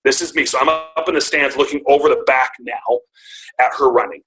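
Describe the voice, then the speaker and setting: A man's voice: medium pitch, steady tone, brisk, over music, low-quality recording. A middle-aged man telling a personal story to his team on a call, earnest and emotional, often restarting his sentences.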